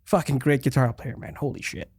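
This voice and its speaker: A young man co-hosting a podcast, chatty and telling stories with quick laughs. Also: medium pitch, fairly even intonation, a little mellow, slightly rough. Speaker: podcast co-host. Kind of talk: casual chat.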